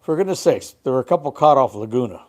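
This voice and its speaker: An older man co-hosting a fishing talk show, spinning stories in casual chat. His pitch rises and falls a great deal, and his delivery is animated. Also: quick pace. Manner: lively storyteller, animated.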